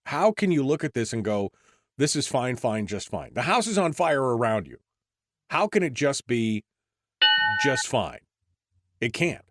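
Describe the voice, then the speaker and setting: A man's voice: medium pitch, sing-song, a little slow, long pauses, no room sound, clean studio sound. A man hosting a radio talk show, speaking conversationally with open frustration and leaning on "I mean".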